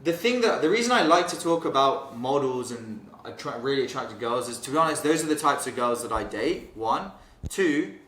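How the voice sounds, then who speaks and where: A man's voice: medium pitch, big pitch swings, a little fast, a bit bright. A man talking as a dating coach in casual podcast chat, confident and blunt, swearing freely. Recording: roomy echo, distant mic.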